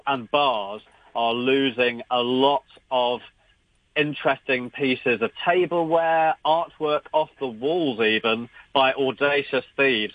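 A man's voice: mid-range voice, no echo. A man appearing as a regular radio guest, telling a story with many restarts. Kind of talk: radio chat. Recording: dry, dull remote line.

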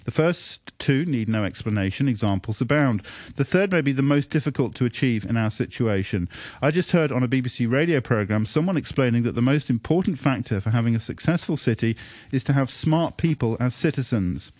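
Halting male radio host, dry studio sound. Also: medium pitch, lively intonation, darkish tone, dry recording. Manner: halting, with many "uh" fillers between phrases. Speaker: radio phone-in host reading listener messages. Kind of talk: radio talk show. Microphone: studio microphone.

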